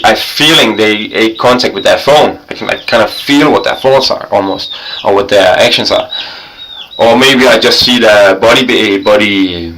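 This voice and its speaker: Profane, excitable man with bright voice. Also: mid-range voice, slight background noise, low-quality recording. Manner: profane, excitable, swings between loud and quiet. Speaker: vlogger. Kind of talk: rambling storytelling monologue.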